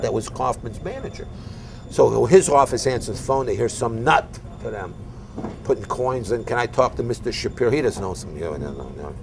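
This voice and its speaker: An actor playing a crude, boastful male lounge singer who rambles and offends everyone, speaking in a gravelly voice. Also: medium pitch, background noise. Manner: rambling, offensive, self-interrupting. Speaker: interview guest. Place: hotel.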